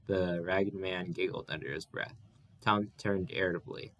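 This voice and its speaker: A man's voice: deep voice, fairly even intonation, normal speed, a bit bright. A man reading a novel aloud in a plain manner, stumbling and correcting himself now and then. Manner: plain reading with occasional slips and self-corrections. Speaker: audiobook reader.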